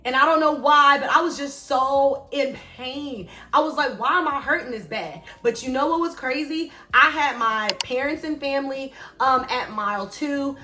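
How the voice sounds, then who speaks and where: Bright, high-voiced chatty young woman. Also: normal speed, hardly any pauses. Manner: animated, chatty, dramatic, joking asides. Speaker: running vlogger. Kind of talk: casual vlog storytelling.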